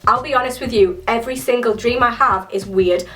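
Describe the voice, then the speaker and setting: A woman's voice: on the high side, fairly quick, a bit bright, distant mic, faint music behind. A young woman chatting enthusiastically to camera in a beauty Q&A vlog, full of "like" and "so crazy.". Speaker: beauty vlogger. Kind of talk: casual Q&A chat to camera.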